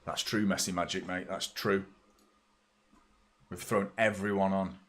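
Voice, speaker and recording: A man hosting a live football watchalong, chatting casually and reacting excitably, swearing freely. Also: deep voice, unhurried. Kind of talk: live match commentary and casual chat.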